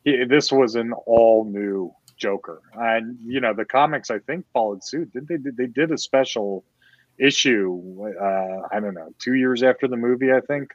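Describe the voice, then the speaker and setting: A man's voice: medium pitch, a little slow, no room sound. A man co-hosting a movie review podcast, talking eagerly and thinking aloud. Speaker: podcast co-host. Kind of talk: casual movie review chat. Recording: dull lo-fi mic, dry.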